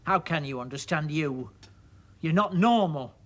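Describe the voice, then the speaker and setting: Shrill reproachful old mother, seventies, high voice, lively swoops, put on by a man. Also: a little slow. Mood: shrill, accusing. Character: tearful, sharp-tongued elderly mother, aged 72.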